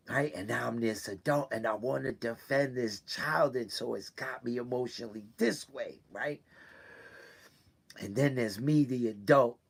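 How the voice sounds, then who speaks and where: A man talking to his regular viewers, hurt and close to tears, halting and repeating himself between sighs. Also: mid-range voice, creaky. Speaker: weekly video host. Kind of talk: personal confessional talk. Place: indoors in a room.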